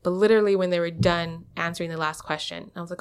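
A woman's voice: lowish voice, steady tone, fast talker, slight background noise. A woman in her twenties telling stories in a casual podcast chat, rambling and laughing often. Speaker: podcast co-host.

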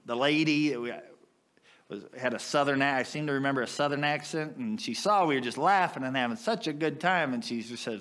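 A man preaching a sermon as pastor, with impassioned swells in pitch and volume. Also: lively intonation, fairly quick, a bit bright.

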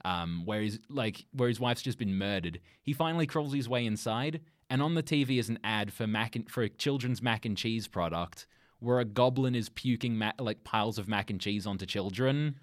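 A man's voice: on the low side, moderate pace, no room sound, clean studio sound. A young man co-hosting a podcast, chatting casually about a movie, laughing often as he tells the story. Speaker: podcast co-host. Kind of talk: casual film review chat.

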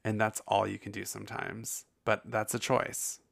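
A man's voice: on the low side, level tone, moderate pace, gravelly, a bit bright. A man hosting a podcast in casual, rambling chat, candid and full of swearing. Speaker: podcast host.

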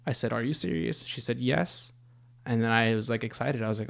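A man's voice: mid-range voice, fairly quick, creaky. Candid thirty-year-old man telling a story. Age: 30s. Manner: rambling, candid storyteller with frequent swearing. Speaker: podcast host, expecting first child. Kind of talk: casual storytelling chat.

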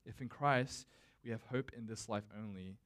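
A man's voice: fairly low pitch, normal speed, fairly bright tone. Man preaching a casual, conversational sermon. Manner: speaks directly to the congregation. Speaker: pastor.

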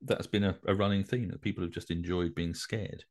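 A man's voice: deep voice, fairly even intonation, brisk, a little mellow. A man co-hosting a podcast in casual chat, teasing and hesitant, often starting with "so". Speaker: podcast co-host.

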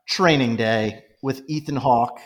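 A man talking casually as a podcast guest, retelling film scenes in an animated, joking way. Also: mid-range voice, slow. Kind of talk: casual movie podcast chat.

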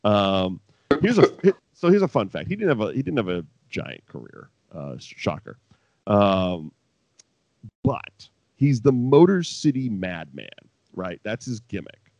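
A man co-hosts a casual podcast about wrestling. He rambles and swears, with laughing asides. His voice sits low, and the recording is dry and dull. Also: big pitch swings, moderate pace, creaky, darkish tone, no echo. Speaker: podcast co-host. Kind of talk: casual wrestling recap chat.

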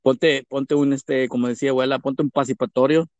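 A man's voice: medium pitch, fairly even intonation, fast, a little mellow, dry recording. A man co-hosting a podcast, chatting casually and profanely, laughing a lot and slipping into Spanish. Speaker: podcast co-host. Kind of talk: casual chat. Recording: dull, dry lo-fi recording.

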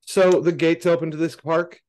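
A man co-hosting a podcast, chatting casually and telling stories, swearing freely and loudly acting out quoted lines. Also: fairly high pitch, fairly even intonation, normal speed. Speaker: podcast co-host. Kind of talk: casual chat, storytelling.

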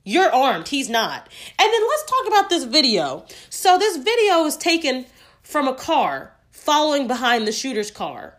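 Outspoken woman, fairly high voice. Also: big pitch swings, a little slow, a bit bright. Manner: outspoken, emphatic, swears freely. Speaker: podcast host. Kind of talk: solo podcast commentary.

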